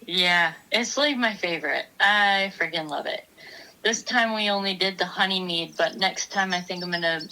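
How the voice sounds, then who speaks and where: Bright-voiced chatty woman. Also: on the low side, normal speed, a little hiss or hum, poor audio. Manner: chatty, explains step by step. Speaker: podcast co-host. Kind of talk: casual chat.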